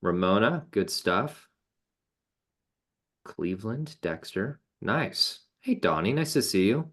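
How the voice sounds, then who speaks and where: A man's voice: fairly low pitch, very animated, slow, fairly bright tone. A man hosting an online webinar over a video call, laid-back and joking, with slangy casual talk. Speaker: webinar host. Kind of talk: casual presenting.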